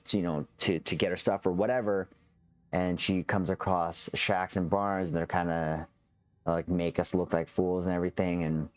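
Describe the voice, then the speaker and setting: Low-voiced man rambling through an episode recap. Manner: rambling, restarts often, addresses viewers as captains. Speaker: reaction channel host. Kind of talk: casual episode recap and reaction.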